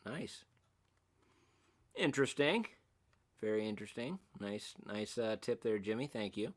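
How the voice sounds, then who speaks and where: A man's voice: mid-range voice, unhurried. A middle-aged man hosting a casual livestream, rambling and self-mocking as he reads out and answers chat comments. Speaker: livestream host.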